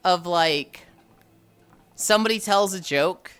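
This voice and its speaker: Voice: medium pitch, slow, a bit bright, clean tone, soft background music. A livestreamer chatting casually with viewers, telling stories with frequent sighs and laughs. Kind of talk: casual live-stream chat.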